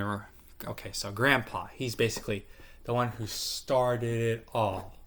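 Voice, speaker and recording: Give me a rambling, profane guy ranking his online friends. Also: on the low side. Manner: rambling, profane, lots of fillers and restarts. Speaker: tier list commentator. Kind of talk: casual profane commentary.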